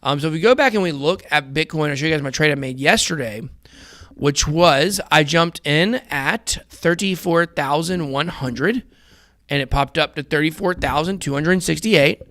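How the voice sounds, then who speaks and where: A man's voice: a little high, normal speed, fairly bright tone, dry recording. A man in his thirties hosting a casual trading show, rambling through charts and talking straight to his viewers. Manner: rambling, conversational, addresses viewers as guys. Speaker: crypto trading show host.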